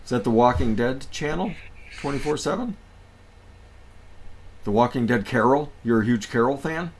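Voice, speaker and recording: A man's voice: medium pitch, expressive, normal speed, a little hiss or hum. A man hosting a casual livestream, upbeat and greeting his viewers one by one. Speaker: livestream host.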